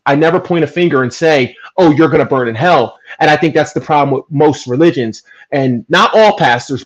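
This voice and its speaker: A man from New Jersey talking earnestly and emphatically in a casual podcast chat, making his case with animated bursts. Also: on the high side. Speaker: podcast guest. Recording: dull lo-fi audio.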